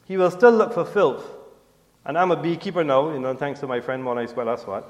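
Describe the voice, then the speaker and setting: A middle-aged man gives an earnest sermon, his voice slightly high for a man and dropping low at the end of each point. He quotes Arabic and translates it line by line, checking in with the congregation again and again. A long reverb from the large prayer hall hangs behind him. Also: quick pace. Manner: code-switches, often asks "you understand?", quotes Arabic and translates it. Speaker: preacher addressing a mosque congregation. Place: mosque.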